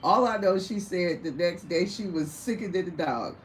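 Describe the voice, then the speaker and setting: Woman, lower register, spinning a bawdy anecdote with big laughs over faint room noise. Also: normal speed, poor audio. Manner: profane, animated, laughs through the story. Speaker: storyteller. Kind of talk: casual storytelling to a small audience.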